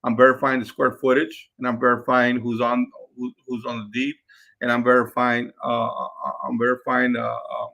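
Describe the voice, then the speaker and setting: A man's voice: medium pitch, completely flat delivery, normal speed, gravelly, bright, forceful tone. A man, a real estate investor, coaching his team in a live session, repeating points to drive them home. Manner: repeats words, drills points to his crew.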